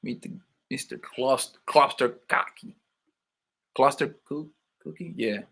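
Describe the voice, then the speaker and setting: The host of this laid-back livestream greets viewers by name and pokes fun at them in slangy banter. His medium-pitched voice is a little slow, a bit bright and slightly rough, with vocal fry.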